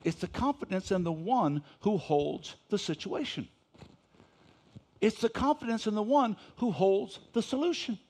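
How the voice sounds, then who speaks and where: A man preaching a sermon in church, reading scripture slowly and switching between soft folksy asides and loud emphatic points. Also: high-pitched, lively intonation. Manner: reads scripture slowly with stress; folksy, talks straight to the congregation. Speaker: pastor.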